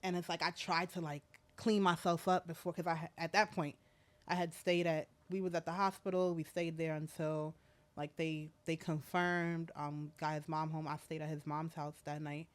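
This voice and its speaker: A woman in her thirties, a school principal, talking in a soft, halting way with many fillers during an emotional interview conversation. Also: deep voice, level tone.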